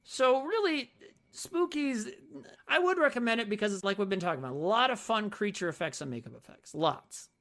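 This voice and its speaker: Man, podcast co-host, very lively pitch, casual movie chat, swears and laughs. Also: a little fast. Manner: animated, swears freely, laughs often.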